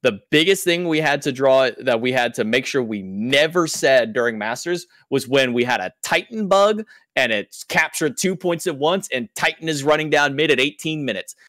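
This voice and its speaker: A man's voice: mid-range voice, lively intonation, normal speed, hardly any pauses, fairly bright tone, no room sound, clean studio sound. A man who works as an esports caster, explaining things in loose casual podcast talk with lots of filler words.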